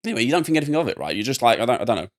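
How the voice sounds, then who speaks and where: A young man from England telling a personal story as a podcast guest, rambling and animated with lots of fillers. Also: mid-range voice, very fast. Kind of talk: casual storytelling.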